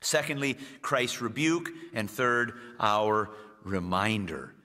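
A man delivering a sermon, pausing on slowed, stressed phrases and climbing into emphatic bursts. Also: lowish voice, expressive, bright, forceful tone. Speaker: preacher. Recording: long reverb of a church hall.

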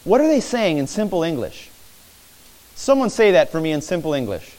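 A man preaching a sermon in church, animated, acting out the disciples' cries as he teaches. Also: a little high, normal speed.

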